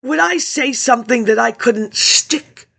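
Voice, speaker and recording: A woman's voice: on the high side, a little slow, creaky, sharp tone. A woman rambling through old archive documents in a scattered monologue, answering herself in asides. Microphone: laptop webcam.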